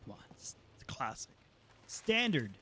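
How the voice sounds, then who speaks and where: A man's voice: medium pitch, wildly swooping pitch, moderate pace, pushed and bright, slight background noise. A man streaming a game, talking casually with slang, swearing and lots of fillers as he plays. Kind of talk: let's play commentary.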